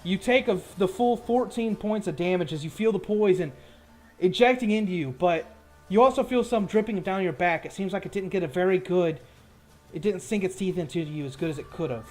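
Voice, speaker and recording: A man's voice: sits high, fairly quick, darkish tone, soft background music. A man narrating a tabletop game as game master, mixing rules talk with casual descriptions of a fight.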